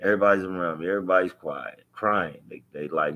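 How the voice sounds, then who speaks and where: A man's voice: low-pitched, quick pace, dull audio. A man, telling his own life story to camera in an emphatic, profane way, repeating key phrases. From Los Angeles. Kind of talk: unscripted personal storytelling.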